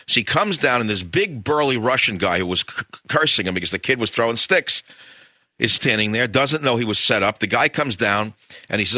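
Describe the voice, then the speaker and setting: A man's voice: on the low side, lively intonation, fairly quick, pushed and bright, no echo. A middle-aged American man hosting a talk radio show, retelling a story in a rambling, emphatic way with opinionated asides. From United States.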